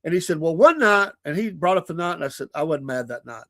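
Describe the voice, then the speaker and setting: A man hosts his own live podcast, talking earnestly and at length while often laughing at himself. His voice sits a little higher than most men's. The sound is dry and close to the mic. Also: animated, quick pace, pushed and bright, no room sound. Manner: earnest, rambling, self-deprecating, laughs often. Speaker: podcast host. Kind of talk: casual talk on a live stream.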